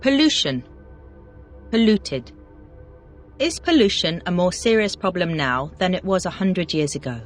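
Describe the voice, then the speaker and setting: This is a scripted question-and-answer language drill: the teacher reads out single vocabulary words, then shoots off brisk questions. She sounds very animated, her medium-pitched voice swinging widely in intonation over faint background music.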